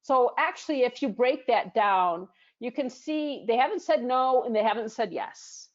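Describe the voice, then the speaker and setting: A woman's voice: fairly high pitch, moderate pace, dull audio. An American woman coaching business English in a screen-share lesson, explaining with frequent fillers and restarts. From United States.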